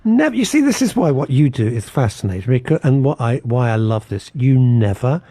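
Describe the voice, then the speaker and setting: A man's voice: mid-range voice, sing-song, brisk, dark tone, no echo. A man hosting a radio talk show, playful and teasing, laughing often in casual chat. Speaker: radio host.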